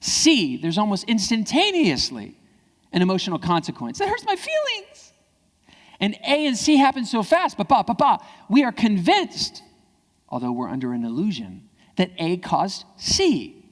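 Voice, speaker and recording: A man gives a keynote speech in a large hall, and a long reverb trails each phrase. His voice runs high for a man and leaps up and down as he stresses his points. He talks emphatically and acts out small exchanges for the crowd. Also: moderate pace. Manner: animated, emphatic, acting out dialogue. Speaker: keynote speaker.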